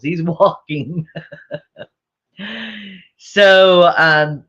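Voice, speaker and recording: Woman vlogger, unhurried rambling storytelling, repeats phrases, chuckles, slightly muffled lo-fi sound. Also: on the low side, fairly bright tone. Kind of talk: casual storytelling.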